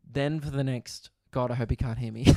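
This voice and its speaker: A young Australian man doing a comedy podcast monologue from a hotel room. His voice is gravelly and sits at an ordinary male pitch, recorded dry with no room sound. He tells crude, profane stories full of asides. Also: fairly even intonation, brisk, a little mellow, dry recording. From Australia, Victoria. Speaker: comedian host.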